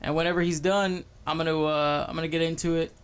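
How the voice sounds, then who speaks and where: A man's voice: fairly high pitch, flat delivery, quick pace, smooth. A young man co-hosting a podcast in casual chat, loose and profane, rambling with restarts. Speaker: podcast co-host.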